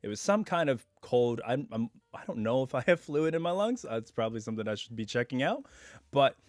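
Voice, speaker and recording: A slightly hoarse man chats away to his live stream viewers from home, drifting through asides and tangents. His voice sits at an ordinary middle pitch. The sound is close and dry, with no room echo. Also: sing-song, fairly quick. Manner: chatty and rambling, full of asides. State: hoarse, recovering voice. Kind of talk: casual live stream chat.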